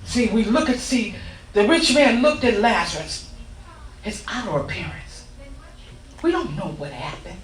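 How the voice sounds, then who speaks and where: A woman minister preaching an impassioned sermon, telling the story with rising shouts, in a church sanctuary. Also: mid-range voice, lively intonation, a little slow, long pauses. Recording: echoey church from far off.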